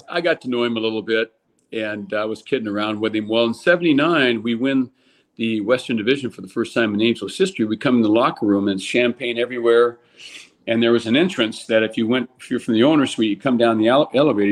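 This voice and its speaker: An older man from California, a former baseball player, telling lively stories in a casual interview and acting out the quotes. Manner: animated storyteller, acts out quotes with raised pitch.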